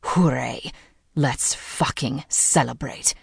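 A woman playing a scornful, hate-filled father, dripping with sarcasm. The voice is low and gravelly. It is recorded close and dry. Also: takes it slowly, no room sound, exaggerated voice. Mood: sneering. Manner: sneering, sarcastic. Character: bitter, scornful immigrant father.

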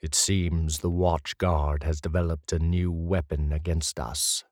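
A man doing a grave, steady male rescuer. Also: very deep voice, unhurried, dry recording, clean studio sound. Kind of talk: audiobook character voice.

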